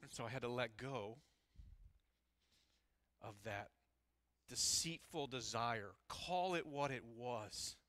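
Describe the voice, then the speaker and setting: Male pastor, bright, forward tone, dry close sound, candid and animated sermon delivery. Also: mid-range voice, slow pace, pauses often, no room sound. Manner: candid and animated, swinging between loud and hushed.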